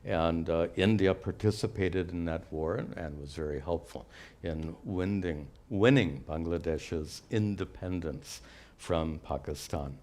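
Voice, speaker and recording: An older man with a very deep voice explains spiritual teachings to students. He speaks patiently and walks through each idea step by step, with touches of gentle humor. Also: unhurried. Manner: patient, explanatory, lightly joking. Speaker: spiritual teacher answering questions. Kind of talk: live Q&A teaching.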